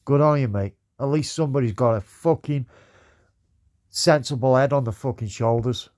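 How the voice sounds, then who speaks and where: A man's voice: mid-range voice, moderate pace, darkish tone. A man with an everyday mid-range voice lectures another streamer earnestly. He pleads and repeats himself, tacking "mate" onto almost every line. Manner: pleading, says "mate" again and again. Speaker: livestream commentator.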